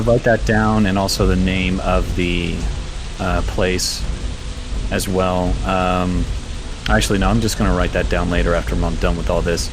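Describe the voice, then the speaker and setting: A man's voice: low voice, background noise. A man playing a tabletop game, chatting casually and thinking aloud about his moves. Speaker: player.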